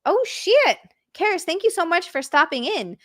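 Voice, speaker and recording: A woman hosting a casual live stream, reading out chat and gushing with excited thanks. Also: extremely high pitch, brisk, no room sound, studio quality. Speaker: streamer host.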